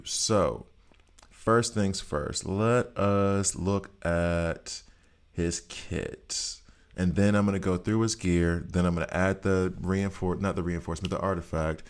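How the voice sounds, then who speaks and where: A tired man hosting a game guide video, rambling in a chatty way and slipping into a Southern twang now and then. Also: deep voice. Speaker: mobile game guide host. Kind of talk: casual gameplay commentary.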